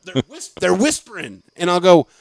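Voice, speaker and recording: A man's voice: high-pitched, big pitch swings, moderate pace, vocal fry, dry recording. A man co-hosting a podcast, telling rambling comic stories in casual chat and acting out office conversations. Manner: rambling storyteller, acts out office exchanges. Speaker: podcast co-host.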